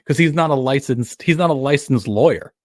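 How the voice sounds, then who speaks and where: A man co-hosting a casual movie review podcast, retelling scenes with animated, laughing energy. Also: mid-range voice, fairly quick, no echo, studio quality. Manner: animated storyteller, laughs at his own retellings. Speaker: podcast co-host. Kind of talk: casual film review chat.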